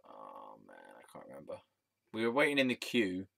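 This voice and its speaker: A man's voice: sits low, wildly swooping pitch, a little fast, gravelly, a bit bright, dry recording. A young man telling a rambling personal story, laughing at himself often. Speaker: vlogger. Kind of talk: casual storytelling.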